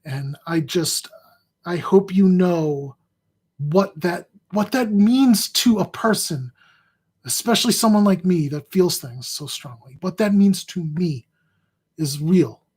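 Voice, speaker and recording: Husky man, halting and emotional. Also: high-pitched, a little mellow. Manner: rambling, halting, repeats words. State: emotional, near tears; in physical pain. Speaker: fantasy sports analyst. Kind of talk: heartfelt casual address to viewers.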